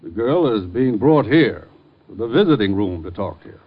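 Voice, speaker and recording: A man's voice: on the low side, very animated, moderate pace. A man playing a stern, formal prison warden in a 1950s radio drama. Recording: dull old radio recording.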